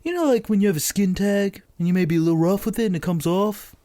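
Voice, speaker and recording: A man's voice: high-pitched, fast, dark tone, dry recording, clean studio sound, voice pushed up, natural voice. Man doing a boastful old politician impression. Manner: boastful, rambling, self-satisfied. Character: blustering boastful older male politician, impression.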